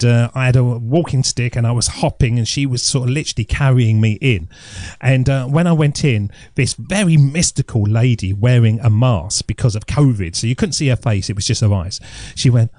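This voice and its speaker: A man's voice: mid-range voice, expressive, normal speed, no echo, clean studio sound. A middle-aged man, rambling through a jokey, self-mocking podcast story. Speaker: podcast host. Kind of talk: casual solo podcast monologue.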